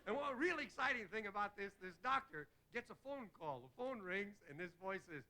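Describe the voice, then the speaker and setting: A man delivering a stand-up comedy monologue as host, telling rapid jokes and slipping into quick character voices. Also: high voice, lively intonation, sharp tone. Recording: hissy old 1960s television broadcast.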